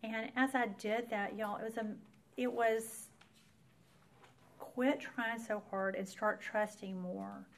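Woman, Bible teacher, earnest faith testimony, fairly high voice, talks directly to the audience. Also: fairly even intonation, slow, creaky, slight background noise. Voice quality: earnest storyteller who speaks straight to the audience. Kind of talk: personal faith testimony talk.

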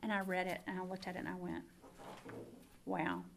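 Gravelly-voiced woman giving testimony. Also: fairly low pitch, little pitch movement, racing, a little hiss or hum. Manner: earnest, emphatic, confiding, repeats words for stress. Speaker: Christian speaker. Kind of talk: personal testimony sermon.

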